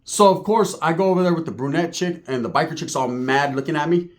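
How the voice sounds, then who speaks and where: A man with a slightly high voice tells a funny story at a quick clip. He's casual and profane, animated, and acts out what people said.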